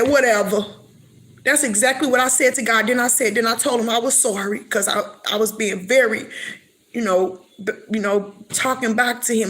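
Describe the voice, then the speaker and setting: A woman's voice: on the high side, a bit bright. A middle-aged woman telling a personal faith testimony, acting out her past conversations and often repeating and restarting her words. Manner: emotional storytelling, acting out her own past dialogue. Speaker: speaker sharing a faith testimony.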